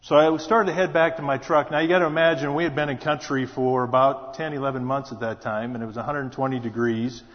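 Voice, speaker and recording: A middle-aged man from South Dakota, a school superintendent, telling a personal story in a plainspoken, steady way to a church congregation. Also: mid-range voice, fast, hardly any pauses. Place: church sanctuary. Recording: dull, lo-fi sound with long hall reverb.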